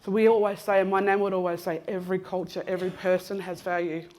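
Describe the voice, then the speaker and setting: A woman's voice: on the low side, little pitch movement, fast, darkish tone. A woman in her fifties with an Australian accent, from Western Australia, speaking casually and jokily to a conference audience as she walks among them, teasing people and addressing them by name. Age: 50s. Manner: chatty and teasing, addresses people in the room directly, many "um"s. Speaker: conference speaker giving an Acknowledgement of Country. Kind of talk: casual, joking talk to a live audience. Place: large conference room, walking among the audience.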